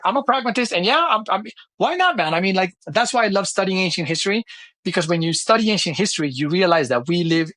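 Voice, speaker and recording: Fast-talking animated man, high voice. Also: dry recording. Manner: animated, blunt, swears freely, acts out dialogues. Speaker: podcast guest, company founder. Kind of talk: casual interview talk.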